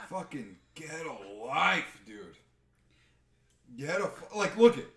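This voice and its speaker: Animated, foul-mouthed man ranting on a podcast. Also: on the high side, takes it slowly, roomy sound. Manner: animated, profane ranting with mocking impressions. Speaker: podcast co-host. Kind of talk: casual live podcast chat.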